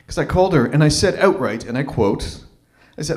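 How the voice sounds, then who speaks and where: A man in his thirties telling a personal story at an open mic, animated and acting out what other people said. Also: a little high, a little fast, hardly any pauses. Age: 30s. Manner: animated, acts out quoted voices. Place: live open mic venue.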